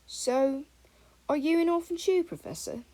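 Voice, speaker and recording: A woman voicing a shy teenage boy wizard, quiet and hesitant. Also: high-pitched, a little slow, pitched above the performer's own voice.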